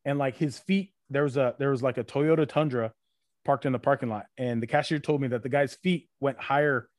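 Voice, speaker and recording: Profane, animated man telling a story. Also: medium pitch, fairly quick, dry recording, studio quality. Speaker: podcast guest, former retail loss-prevention worker. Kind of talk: casual storytelling chat.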